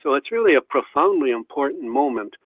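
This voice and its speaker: A man's voice: medium pitch, lively intonation, fairly quick, no room sound. A man, a guest historian, telling stories in an interview and acting out the voices of people he quotes. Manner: anecdotal, acts out quoted voices. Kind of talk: storytelling in an interview. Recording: dry tinny phone line.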